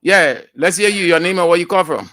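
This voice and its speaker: A man's voice: on the high side, brisk. A man with a Liberian accent hosting a call-in radio talk show, arguing back firmly with callers. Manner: lively, laughing, argues back firmly.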